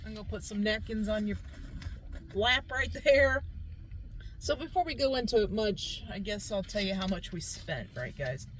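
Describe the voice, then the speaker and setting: A woman with a medium-pitched, animated voice talks at a moderate pace in a low-quality recording with slight background noise. She's hosting a casual food review vlog from her car, chatty and upbeat, speaking straight to viewers and repeatedly calling them "guys."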